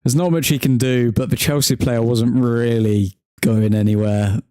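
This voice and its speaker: A young man hosts a football watchalong livestream, trading jokes with the chat and laughing easily. His voice is mellow and warm, with a dry, close sound and an easy, casual delivery. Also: medium pitch, steady tone, normal speed, clean tone, no echo. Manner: joking banter, laughs often, talks to chat by name. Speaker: livestream host reading chat.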